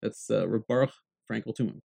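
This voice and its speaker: A man giving a Torah lecture, energetic, weaving Hebrew phrases into his talk and jumping up in pitch to stress a point. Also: brisk, creaky. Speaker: Torah teacher.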